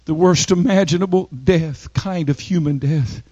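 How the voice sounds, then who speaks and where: A male preacher with a high voice delivers a sermon with emphatic, dramatic pauses and soaring rises. The sound is dry and close, with little room around it. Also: a little mellow, dry recording, lo-fi sound.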